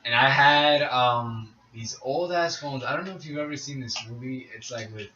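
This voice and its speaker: A young man co-hosting a podcast, telling a rambling story among friends with halting restarts, frequent laughs and casual swearing. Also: mid-range voice, bright, forceful tone, dull audio. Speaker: podcast co-host. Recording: roomy echo, distant mic, faint room hiss.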